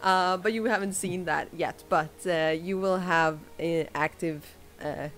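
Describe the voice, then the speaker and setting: A woman running a tabletop game as game master, talking in a halting way with many fillers and frequent laughter. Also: on the low side, fairly even intonation, a bit bright.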